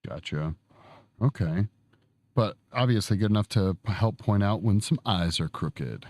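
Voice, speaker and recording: A low-pitched man in his thirties chatting casually on his own stream while he works on a sculpture. He talks in a laid-back way, trails off and chuckles often. The recording is close and dry, with no room sound. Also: animated, moderate pace, a little mellow, dry recording. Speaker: streamer host. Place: home studio.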